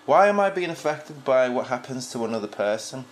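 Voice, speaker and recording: A man's voice: medium pitch, animated, fairly quick, a little hiss or hum, voice pushed up, close to an everyday voice. A man voicing a labourer who complains indignantly that his pay is unfair. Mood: sheepish realization. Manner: indignant, complaining about fairness. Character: aggrieved grown man labourer feeling cheated.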